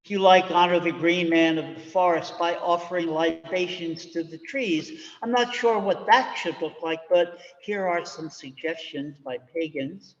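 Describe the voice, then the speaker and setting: Slow-spoken minister in a reverberant church. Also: male voice, fairly high pitch. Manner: slow, measured and reflective. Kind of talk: sermon. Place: church sanctuary. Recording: dull recording with long church reverb.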